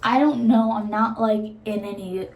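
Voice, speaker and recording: A woman's voice: mid-range voice, unhurried, darkish tone. Young woman, casual vlog chat, rambling, candid, sweary, roomy echo, distant mic. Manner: rambling, candid, swears freely, trails off into whispers. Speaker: vlogger.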